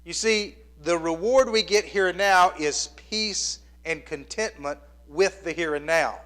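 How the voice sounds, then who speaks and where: A man in his fifties preaching a sermon, telling a story in an earnest, conversational way and dropping to a hushed near-whisper at tender points. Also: a little high, measured pace. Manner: plainspoken and conversational with the congregation. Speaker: pastor.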